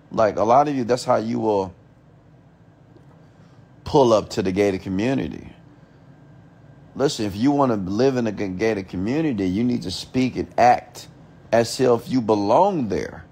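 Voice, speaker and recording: A man delivers a motivational rant in a lowish, mellow voice with a breathy edge and vocal fry, moving at a measured pace with long pauses. He's emphatic and repetitive, peppers in rhetorical questions, and swears casually.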